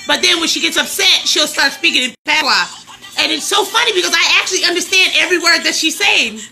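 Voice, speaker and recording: Loud, chatty woman on a bright phone livestream. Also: very high voice, expressive, fast, faint music behind. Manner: loud, laughing, slangy and talking straight to viewers. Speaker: livestream host. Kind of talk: casual livestream chat.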